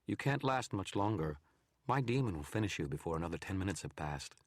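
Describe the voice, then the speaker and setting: A man's voice: sits low, animated, brisk, dry recording, studio quality, pitched above the performer's own voice. A man voicing a menacing, sneering sorcerer's phantom image that speaks with cold, supreme confidence.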